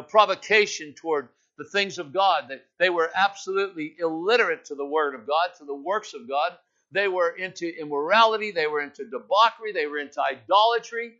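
High-voiced, fervent male preacher. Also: highs cut off. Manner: impassioned preaching that swells loud and high, then drops quiet. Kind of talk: sermon.

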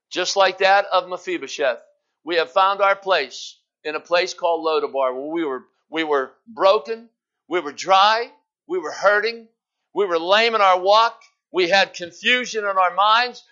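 A man preaching a sermon as pastor, building to emphatic, drawn-out phrases and then dropping lower and quieter. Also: muffled recording. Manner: preaching with rising, emphatic intensity and slow stressed phrases.

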